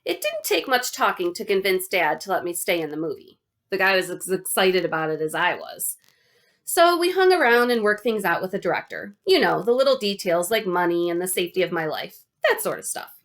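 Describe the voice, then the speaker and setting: A woman reading a children's novel aloud in an animated, expressive way. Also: lowish voice, brisk. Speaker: audiobook reader.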